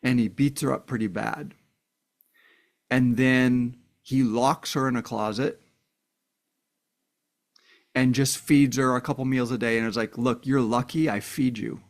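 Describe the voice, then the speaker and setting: A man of middle pitch speaks straight to the camera in a loose, unscripted way, leaning on "like" and the odd swear word. He slips into angry, raised voices for the people in his story, then drops back to plain talk. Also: steady tone, a little slow, long pauses. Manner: acts out quoted voices of an angry abuser and a victim in heated tones; blunt, swears, many "like" fillers. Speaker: commentator. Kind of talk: casual spoken commentary.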